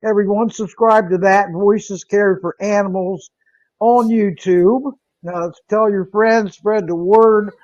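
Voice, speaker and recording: A woman hosting a live internet radio podcast, talking casually in a halting, rambling way with many fillers and restarts. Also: mid-range voice, fairly even intonation, darkish tone, no echo, muffled recording.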